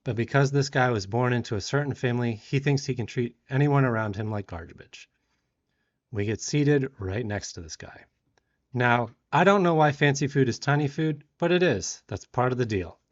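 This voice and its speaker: A man from the South, telling a lively story as a woodworking vlogger and shouting out the quoted lines. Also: mid-range voice, normal speed, highs cut off. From Southern United States. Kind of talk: storytelling voice-over.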